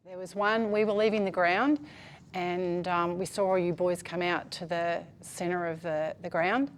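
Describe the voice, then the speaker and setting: A woman with a lowish voice looks back fondly and grows a little teary. Her telling is gentle and heartfelt. A faint rumble runs beneath. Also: fairly even intonation, measured pace. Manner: emotional, fond. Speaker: family member of a player. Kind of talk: casual interview.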